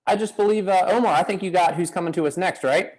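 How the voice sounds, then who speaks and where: A woman's voice: lowish voice, fast talker, darkish tone. A woman hosting a comedy show, hyping the crowd between acts. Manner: upbeat crowd hype, rising swings.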